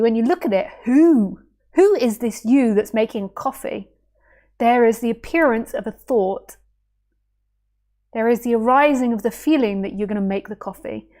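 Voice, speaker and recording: A woman teaching non-duality in a spontaneous spiritual talk, playful and animated, musing aloud with rhetorical questions and little acted-out voices. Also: on the high side.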